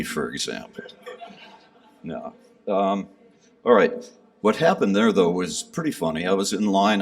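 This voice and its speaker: Slow-talking man telling stories from afar. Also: low-pitched. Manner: rambling and self-deprecating, many fillers. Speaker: speaker recounting a pilgrimage. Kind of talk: casual storytelling talk. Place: gathering hall. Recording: speaker somewhat far from the mic.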